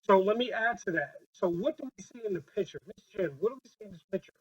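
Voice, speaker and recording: A man leading a training workshop with a group, talking in a lively, joking way and acting out quoted voices on a handheld mic. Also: high voice, quick pace, slightly rough, low-quality recording.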